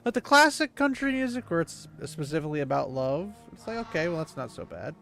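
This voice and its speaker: Gravelly-voiced man chatting over a game. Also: fairly high pitch, sing-song, brisk, a bit bright, soft background music. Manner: rambling, chatty, lots of fillers. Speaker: gaming streamer. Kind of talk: casual chat while playing a video game.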